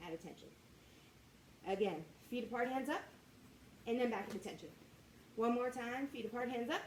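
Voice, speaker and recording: A young woman leading a children's martial arts warm-up class, coaching in an upbeat, sing-song way. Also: mid-range voice. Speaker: kids martial arts instructor. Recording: echoey room with faint ambient noise.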